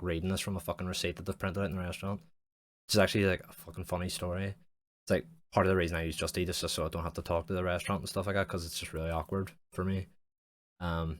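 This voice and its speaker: A young man, hosting a casual solo podcast and rambling with lots of swearing and "like". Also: low voice. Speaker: podcast host.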